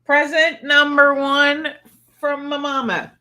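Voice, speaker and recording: A woman's voice: sits high, flat delivery, takes it slowly, pushed and bright. A woman in her fifties chatting on a birthday livestream, telling stories and laughing often. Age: 50s. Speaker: livestream host. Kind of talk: casual birthday livestream chat. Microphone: streaming setup mic.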